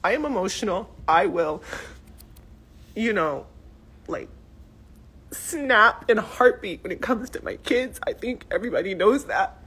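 With long pauses and an unhurried, animated delivery, a mother in her forties speaks out on social media through an unscripted live video. Her mid-range voice is a bit bright with a breathy edge. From a living room cluttered with clothes, she talks emotionally at length, rambling with many fillers and restarts.

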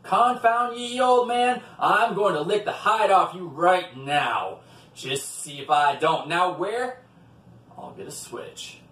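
A man voicing a furious, blustering male devil who shouts threats. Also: on the high side, measured pace, long pauses. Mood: enraged. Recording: roomy, from a distant mic.

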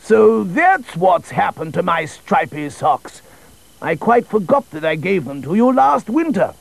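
A man voicing a kindly, fussing storybook king for a children's story, speaking slowly and gently. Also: high-pitched, big pitch swings, creaky, dry recording, pitched above the performer's own voice, exaggerated voice. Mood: gentle.

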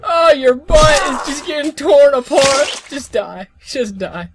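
Young male let's-player, high-pitched and very lively, shouty excitable commentary over audible game noise. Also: slow. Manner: yelps, shouts and laughs, swears often. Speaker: gaming YouTuber.

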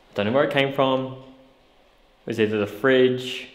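Male paranormal vlogger, jittery and casual, mid-pitched, echoey room. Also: unhurried. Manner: jittery, easily spooked. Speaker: paranormal investigator. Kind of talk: casual vlog narration. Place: old hospital basement.

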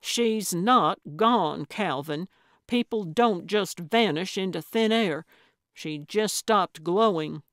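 A woman's voice: mid-range voice, takes it slowly, dry recording, studio quality. A woman voicing a stubborn older woman amateur sleuth in a mystery audiobook, pushy and impatient. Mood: insistent.

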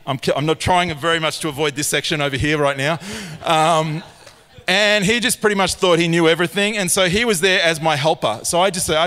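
A man with an Australian accent preaching a sermon in a church, a lively storyteller who acts out his scenes. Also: a little high, fast. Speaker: pastor. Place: large church auditorium. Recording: long church hall reverb.

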